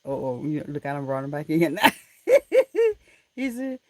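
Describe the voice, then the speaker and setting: A woman hosts a relaxed live stream from a room in her home, talking into her laptop's built-in mic. She chats warmly with her viewers, calling them honey and baby and laughing easily. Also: low-pitched, a little slow, no room sound. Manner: chatty and affectionate, calls viewers honey and baby, laughs often. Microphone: laptop camera mic.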